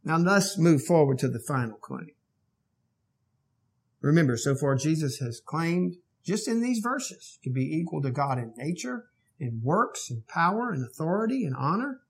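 A male pastor preaching a sermon, moving between quiet verse-by-verse teaching and loud, emphatic exhortation. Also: on the high side, animated, normal speed.

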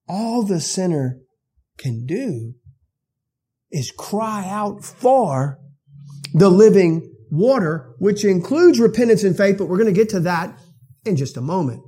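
Male preacher, expository sermon, husky voice, lively rise and fall, conversational. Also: fairly high pitch, unhurried. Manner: conversational, asks the listeners questions. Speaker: pastor.

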